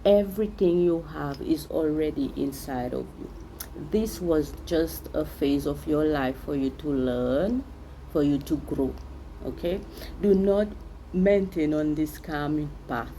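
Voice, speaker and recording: Brief: woman tarot reader, low voice, emphatic and repetitive, faint hiss behind. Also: measured pace, dark tone, rough recording. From Seychelles. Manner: emphatic, repeats phrases, speaks directly to the viewer. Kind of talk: spiritual tarot reading.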